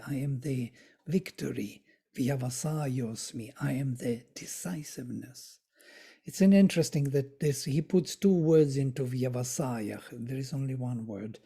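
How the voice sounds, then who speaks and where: A study group teacher reading verses aloud and explaining them word by word, with soft, thoughtful asides and small self-corrections. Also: mid-range voice, breathy edge. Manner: recites verses, then glosses them word by word. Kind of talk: slow explanatory reading and commentary on scripture.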